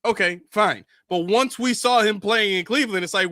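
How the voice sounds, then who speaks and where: A man's voice: sits high, normal speed, sharp tone, no room sound, clean studio sound. A man co-hosting a sports show, reading a viewer's comment and pushing back on it. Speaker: podcast co-host. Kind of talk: casual sports talk.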